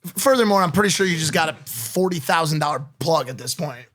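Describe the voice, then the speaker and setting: A man co-hosting a podcast, tossing in quick joking remarks and swearing in casual banter. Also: on the high side, lively intonation, fairly bright tone. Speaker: podcast co-host.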